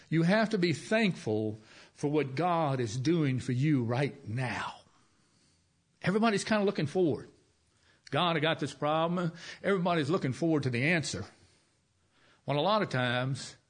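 Folksy male pastor preaching softly. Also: mid-range voice. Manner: folksy, conversational, with long pauses and soft emphasis. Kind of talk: sermon.

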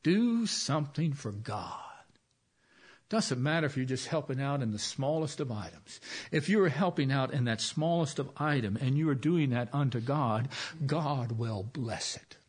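Middle-aged pastor, man, conversational sermon delivery, folksy, soft emphasis, average pitch. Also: expressive, normal speed, breathy edge.

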